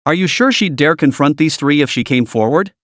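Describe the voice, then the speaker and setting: A man's voice: a little high, animated, brisk, a bit bright, no echo, studio quality. A man voicing a stern, cold female university counselor in a story recap, clipped and disdainful.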